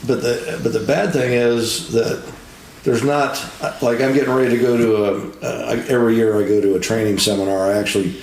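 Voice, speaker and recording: A man talking as an interview guest, relaxed and plain-spoken, trailing off at times. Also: mid-range voice, a little fast. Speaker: interview guest, ride inspector. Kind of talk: casual interview chat. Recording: roomy with faint noise.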